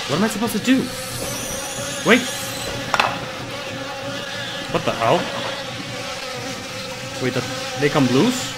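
A man's voice: fairly high pitch, sing-song, normal speed, long pauses, background noise. A young man playing a horror game, nervous and jumpy, talking to himself as he searches and reads notes aloud. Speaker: gaming YouTuber. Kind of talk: horror game let's play. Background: game music.

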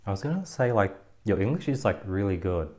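A man's voice: fairly low pitch, big pitch swings, fairly quick, a little mellow. A young man with an Australian accent hosting a casual interview, rambling with lots of fillers and restarts as he asks questions. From Australia (West Sydney). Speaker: podcast host.

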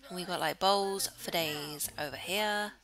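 A woman chatting excitably through Let's Play commentary, giggling often. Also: on the low side, unhurried, rough recording. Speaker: gamer host.

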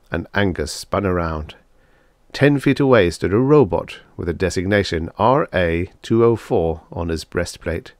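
A man narrating a vintage science fiction audiobook in an expressive storytelling read. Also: low-pitched, no room sound, studio quality. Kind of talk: scripted narration.

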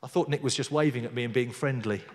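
Talking fast in a medium-pitched voice, this preacher gives a conversational sermon peppered with jokey asides, reading scripture out with emphasis. He's in a church hall, and the recording carries a long reverb.

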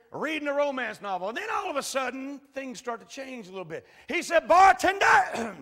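Folksy preacher in an echoey church. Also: male voice, very high voice. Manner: folksy storyteller, swings from quiet asides to shouted preaching. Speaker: pastor. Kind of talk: sermon storytelling. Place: large church hall.

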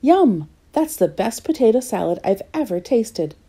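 A woman's voice: fairly high pitch, big pitch swings, normal speed, breathy edge, exaggerated voice. A woman reading as an eager little helper. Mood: delighted. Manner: bright, eager and polite.

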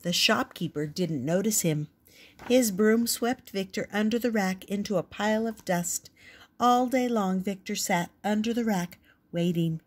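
An older woman reading a children's picture book aloud, gentle and expressive. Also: mid-range voice, unhurried. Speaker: storyteller.

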